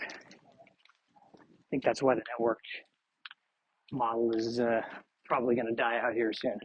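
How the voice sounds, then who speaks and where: His voice is mid-range and fairly even, a little slow, with frequent pauses. He's hosting a solo podcast on foot along a street, drifting through self-deprecating reflections, in a muffled lo-fi outdoor recording with a little hiss or hum.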